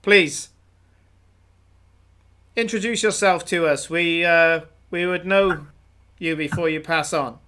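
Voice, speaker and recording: A man's voice: fairly high pitch, takes it slowly, pauses often, sharp tone, voice pushed up. A man voicing a pompous, self-important half-elf guard officer who rambles with many hesitations. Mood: officious. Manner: long-winded, full of hesitations.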